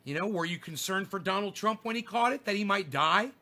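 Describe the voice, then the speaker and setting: A man streaming a furious monologue, his voice pitched high and cutting with a bright, tense edge. He swears constantly and talks straight at his viewers with open hostility. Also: lively intonation, brisk. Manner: angry, profane, confrontational. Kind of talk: ranting livestream monologue.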